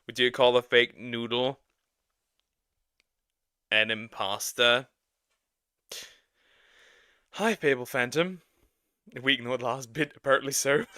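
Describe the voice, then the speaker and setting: A man streaming casual reaction commentary, laughing often and speaking in an animated way. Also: mid-range voice, slow, long pauses, dry recording, clean studio sound.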